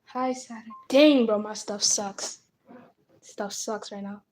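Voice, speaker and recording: A woman casually commenting on her gameplay while streaming, excitable and talking to her chat with lots of starstruck exclamations. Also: medium pitch, takes it slowly. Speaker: game streamer.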